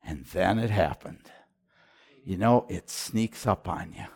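A middle-aged man preaching a sermon as a pastor, retelling his prayers and moving between hushed and loud delivery, often repeating and restarting his words. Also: sits low, slow pace, vocal fry, husky. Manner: repetitive restarts and stammers when excited. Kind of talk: sermon storytelling.

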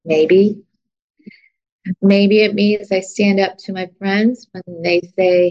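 A woman leads an informal Bible lesson, chatting away, laughing at herself and searching through her notes aloud. Her medium-pitched voice is darkish and slow, with fairly even intonation. The recording is dull and lo-fi.

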